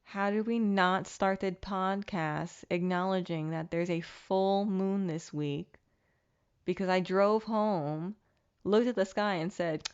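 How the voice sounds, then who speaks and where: A woman talks through her own podcast in a casual, candid monologue, reflective and now and then profane. Her voice sits in a middle pitch. The recording sounds a little dull and lo-fi. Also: fairly even intonation, slow pace, a little mellow, clean tone. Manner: candid, reflective, mildly profane self-help talk. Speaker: podcast host.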